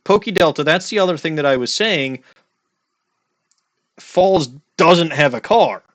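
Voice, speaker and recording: A man's voice: on the high side, expressive, unhurried, fairly bright tone, dry recording. Rambling Midwestern man commentating a game. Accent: Midwestern American. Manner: rambling, joking, self-interrupting. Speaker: let's play host. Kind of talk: casual gameplay commentary.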